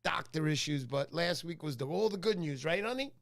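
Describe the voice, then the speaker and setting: A middle-aged man hosts a laid-back fishing livestream from home, joking around and greeting viewers by name. His voice sits a little high, with lively intonation, a brisk pace, and some vocal fry.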